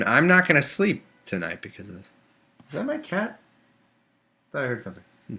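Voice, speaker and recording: A man's voice: medium pitch, sing-song, normal speed, fairly bright tone. A man live-streaming from home, reading scripture aloud and breaking off into exasperated, sarcastic rants. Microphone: webcam or desktop mic.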